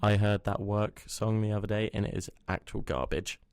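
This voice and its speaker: A man's voice: on the low side, steady tone, normal speed, a little mellow, clear, resonant tone, dry recording, studio quality. A young man with a West Country English accent, co-hosting a podcast in casual chat, ranting and swearing sarcastically. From West Country, England. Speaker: podcast co-host.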